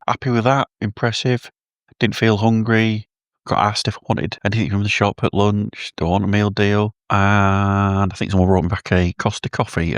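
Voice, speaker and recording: A British man rambles casually into his phone camera for a video diary, poking fun at himself as he goes. His voice sits on the low side, and the studio-quality recording has no echo.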